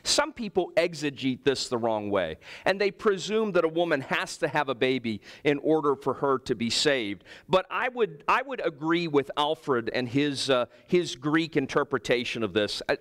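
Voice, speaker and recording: A man preaching a sermon as pastor, telling personal stories with humor in an animated way. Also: fairly high pitch, normal speed, hardly any pauses. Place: church.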